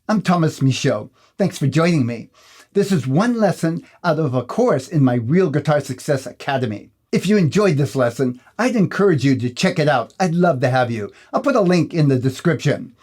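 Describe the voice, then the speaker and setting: A man's voice: fairly high pitch, animated, normal speed, darkish tone. Man teaching guitar, counting beats. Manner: friendly, counts beats aloud. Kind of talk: guitar lesson. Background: guitar strumming.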